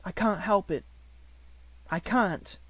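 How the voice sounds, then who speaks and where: A man voicing a poor little girl in a storybook, hushed and breathless, rising to excited cries. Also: high-pitched, slow, slightly rough, no room sound, pitched above the performer's own voice, exaggerated voice. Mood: dreamy, hushed.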